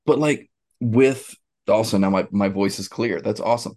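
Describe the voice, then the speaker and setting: A man co-hosting a podcast, chatting casually about sports in a rambling, animated way with many restarts. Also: on the low side, normal speed. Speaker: podcast co-host.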